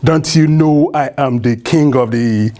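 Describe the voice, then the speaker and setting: A slow, deep-voiced lion, king of the animals, brags and taunts in a storybook telling, as a man with a Nigerian accent acts him out. The voice drops well below the teller's usual high register and drags each word out. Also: dark tone, soft background music, close to an everyday voice. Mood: boastful.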